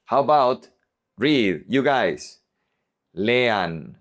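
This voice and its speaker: A male teacher giving a language lesson at a slow, unhurried pace. He says each example word deliberately and repeats it so learners can follow, with a voice pitched in the ordinary middle range for a man. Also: very animated. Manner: slow, deliberate modeling of words. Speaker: Spanish teacher.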